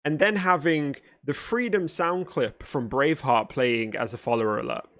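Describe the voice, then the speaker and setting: A man from talks over clips in a mocking, deadpan way, his plain. His voice sits in an ordinary middle range. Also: medium pitch, moderate pace, faint music behind. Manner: dry, sarcastic, mocking. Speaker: streamer making a response video. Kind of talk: commentary on clips.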